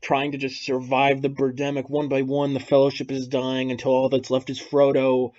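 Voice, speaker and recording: A man hosting a podcast, telling a long, improvised story in a rambling, deadpan way over casual chat. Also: medium pitch, normal speed, lo-fi sound. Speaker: podcast host.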